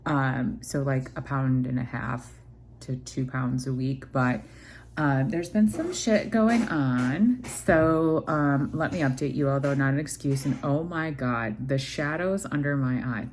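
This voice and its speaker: A young woman talks casually to her camera at home, wandering through her thoughts with lots of fillers and restarts. Her voice sits very low for a woman. Faint background noise hums under the camera mic. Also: a little slow, darkish tone. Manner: rambling, many fillers and restarts. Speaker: vlogger.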